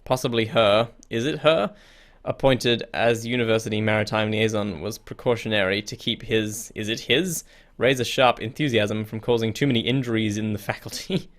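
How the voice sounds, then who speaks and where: A man's voice: fairly low pitch, steady tone, normal speed, a bit bright. Man reading a game aloud, chuckling and puzzled. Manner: reads game text aloud, chuckles, easily confused, casually profane. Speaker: let's play gamer. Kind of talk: casual gameplay commentary.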